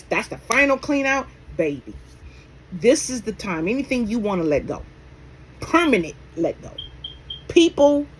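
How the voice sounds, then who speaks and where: Spiritual minister vlogging, animated sing-song voice, cusses a lot, calls you baby, rhetorical questions. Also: mid-range voice, slight background noise, rough recording. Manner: emphatic and blunt, swears, asks rhetorical questions; calls the audience endearments like baby and my love. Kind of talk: casual spiritual talk to camera.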